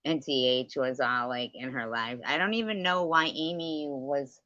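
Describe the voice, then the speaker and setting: A woman's voice: very deep voice, normal speed, pushed and bright, no room sound. A woman hosting a casual livestream, rambling and sarcastic in a gossipy, profane rant. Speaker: livestream host. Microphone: livestream setup. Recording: dull lo-fi sound.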